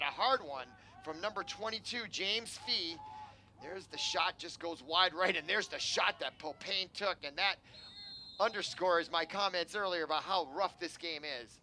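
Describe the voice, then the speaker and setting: Guy doing play by play outside, high bright voice, bit of noise in the back, chatty asides. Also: normal speed. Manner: chatty, rising excitement on plays, digressive asides. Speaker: play-by-play commentator. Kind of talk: live sports commentary. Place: outdoor sports field.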